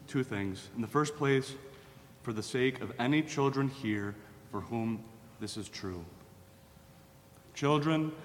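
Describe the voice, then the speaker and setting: A man preaching a sermon, earnest and repeating phrases for emphasis. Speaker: pastor. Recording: hall reverb with faint rumble.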